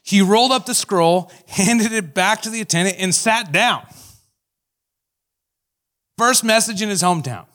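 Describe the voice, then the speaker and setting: A man preaching with animated storytelling, slipping into voices for the people he describes. His voice sits a little high for a man. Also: a little slow, long pauses. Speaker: pastor. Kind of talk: sermon.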